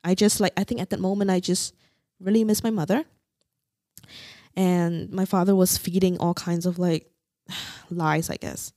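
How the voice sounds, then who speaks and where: A young woman from Singapore calmly and candidly telling a painful personal story as a podcast guest. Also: lowish voice, normal speed, pauses often, dry recording, studio quality. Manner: candid, quietly recounting painful memories.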